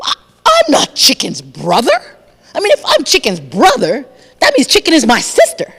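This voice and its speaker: Storyteller woman playing a bewildered male crocodile, high and stammering, with a long church echo. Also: huge pitch swings, moderate pace, fairly bright tone, husky, full character voice. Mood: baffled. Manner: flustered, stammering protests. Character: baffled indignant male crocodile. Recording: long reverb of a sanctuary.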